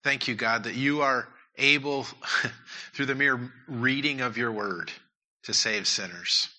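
Bright-voiced earnest male pastor. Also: medium pitch, takes it slowly. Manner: earnest, repeats key points for emphasis. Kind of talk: sermon and prayer.

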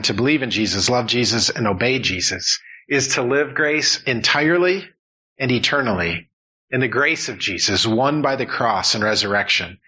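A man's voice: mid-range voice, bright, forceful tone, breathy edge, highs cut off. A man preaching an earnest, emphatic sermon as pastor, building points through repetition.

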